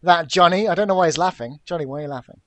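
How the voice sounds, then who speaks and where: A male caster calling an online shooter tournament, his voice sitting a little high. He gets excitable and loud at the big plays. The sound is dry and close to the mic. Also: very fast, no room sound. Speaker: esports caster. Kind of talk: live esports commentary.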